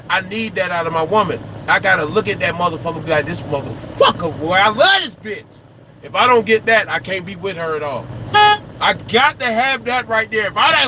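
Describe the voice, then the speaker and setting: A man with a notably high speaking voice talks straight to his viewers about his life, swearing often and repeating phrases to drive them home. He sounds animated and unfiltered. The recording is outdoors, with clear road and city noise under his voice. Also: low-quality recording. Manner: animated, profane, repeats himself for emphasis. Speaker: trucker vlogger. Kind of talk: casual outdoor talk to viewers.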